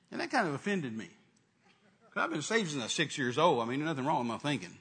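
A man's voice: fairly high pitch, sing-song, quick pace, fairly bright tone, breathy edge. A man preaching a sermon, retelling a conversation and acting out the dialogue. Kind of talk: sermon storytelling.

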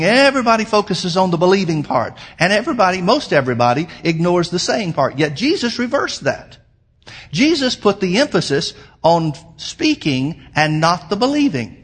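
The speaker is a middle-aged man delivering a sermon as pastor, his voice high, husky, and a bit bright. He punctuates points with growing emphasis and eventually rambles through a personal story thick with fillers.

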